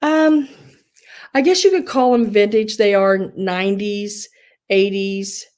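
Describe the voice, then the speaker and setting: A woman's voice: mid-range voice, slow pace, a little mellow. A woman hosting a casual live sale, rambling with many fillers and restarts, a little wheezy. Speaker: live online sale host. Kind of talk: casual live sales chat.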